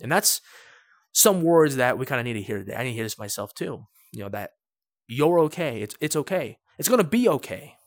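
A man's voice: medium pitch, sing-song, fairly quick, no echo, studio quality. A man pastor preaching a sermon, building to emphatic, repetitive points. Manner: rising to emphatic preaching with repeated phrases.

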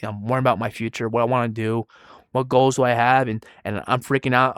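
Soft-spoken young man preaching. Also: medium pitch, fairly even intonation, brisk, long pauses, clean tone, dry recording, clean studio sound. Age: 20s. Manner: soft-spoken, conversational, trailing quiet between emphatic rises. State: tired. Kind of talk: sermon.

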